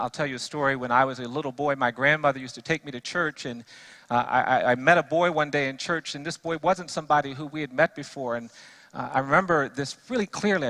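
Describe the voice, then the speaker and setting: Before a church audience, a man who works as a defense lawyer gives an earnest speech full of stories. At a medium pitch, he quiets for sad passages and drives into emphatic repetition when preaching.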